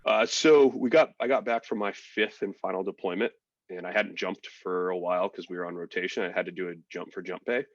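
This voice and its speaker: A man with a very low voice talks through his story in a frank, easygoing way, tossing in fillers and swear words. The sound is dry and a little dull, like a lo-fi recording. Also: steady tone, brisk, no room sound. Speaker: podcast guest, military veteran. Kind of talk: casual storytelling.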